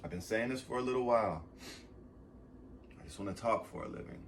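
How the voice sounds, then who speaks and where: A man vlogging a casual motivational monologue, rambling and swearing, swinging from loud bursts to soft asides as he gets emotional and close to tears. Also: fairly low pitch, a little fast, a little hiss or hum.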